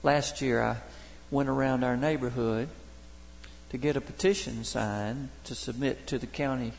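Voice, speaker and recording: A Baptist pastor preaching a sermon, telling folksy, humorous stories from daily life. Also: male voice, medium pitch, steady tone, unhurried, gravelly, darkish tone, a little hiss or hum. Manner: folksy storytelling, homespun humor. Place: church sanctuary. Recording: long reverb of a church hall.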